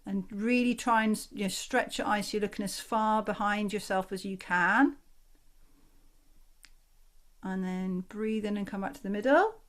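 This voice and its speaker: Calm woman coaching over a video call. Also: medium pitch, normal speed. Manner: calm, encouraging, guides the group through exercises. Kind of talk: online workshop instruction.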